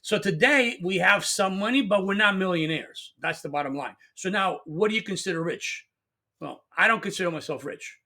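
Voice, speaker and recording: A middle-aged man talks straight to his viewers in a casual opinion monologue, getting worked up and stumbling over his own restarts. His voice sits high for a man and has a bright, forceful edge. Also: moderate pace. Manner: excitable, talks in restarts and asides. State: coughing at times. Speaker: channel host.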